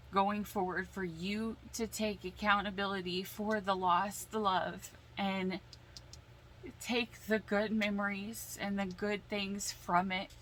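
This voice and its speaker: A woman giving a casual tarot reading, slow and emotional, sighing and holding back tears as she explains the cards. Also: mid-range voice, fairly bright tone, slight background noise, poor audio. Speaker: tarot reader.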